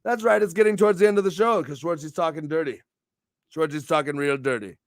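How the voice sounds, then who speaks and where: A young man hosting a morning stream with a bombastic, theatrical promo style, swinging his pitch and volume wildly. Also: fast, no echo, studio quality. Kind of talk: hyped-up wrestling promo chat.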